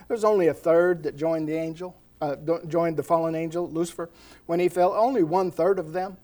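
High-voiced preacher telling folksy stories. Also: male voice, moderate pace. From America. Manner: storytelling, animated, folksy asides. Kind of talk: sermon. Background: congregation responding.

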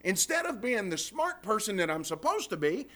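A male preacher delivering a sermon, his voice pitched high for a man. He talks in a folksy, plainspoken way. His delivery leaps up and down with lively energy. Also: moderate pace. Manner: animated, folksy preaching with scripture quotations.

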